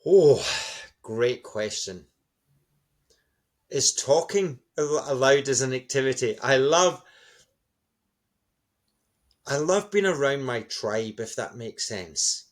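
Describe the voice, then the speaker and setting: A middle-aged man answers interview questions with enthusiasm, sounding encouraging and upbeat. His voice sits at an ordinary medium pitch for a man. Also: animated, slow, long pauses. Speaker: guest speaker.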